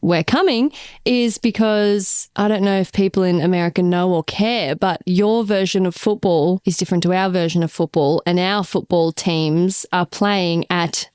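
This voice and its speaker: A woman's voice: lowish voice, normal speed, darkish tone, clean tone, no echo, clean studio sound. A young Australian woman co-hosting a podcast, chatty and upbeat, reading listener messages aloud. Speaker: podcast co-host, radio journalist. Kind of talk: casual podcast chat.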